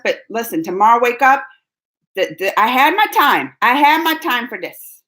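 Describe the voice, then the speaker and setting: High-pitched young woman chatting on her stream, animated, laughs a lot, restarts her sentences. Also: fairly quick. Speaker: YouTube reaction channel host answering viewer questions. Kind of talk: casual livestream chat.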